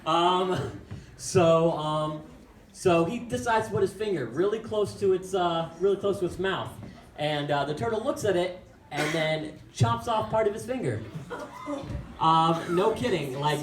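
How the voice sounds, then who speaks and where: Heard from far off in an echoey room with a crowd, a young man does stand-up. He tells a self-mocking, rambling story packed with fillers, in a high voice at a moderate pace.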